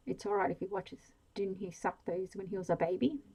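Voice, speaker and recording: A woman's voice: mid-range voice, steady tone, brisk, mellow, slightly rough, low-quality recording. A woman voicing a cruel, controlling man in an ASMR story reading, with a cold, commanding manner. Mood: menacing.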